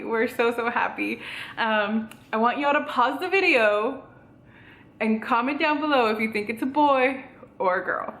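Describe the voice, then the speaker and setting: Excited girl vlogging, a bit out of breath, kinda high voice, echoey room. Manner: bubbly and rambling, heavy "like" and "um". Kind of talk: casual vlog chat. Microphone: camera on a tripod.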